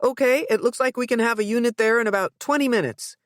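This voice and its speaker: Brief: routine emergency dispatcher in an audiobook, as a woman reader voices it. Brisk, procedural, dry sound. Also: on the high side, no room sound, pitched above the performer's own voice, lightly acted. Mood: businesslike.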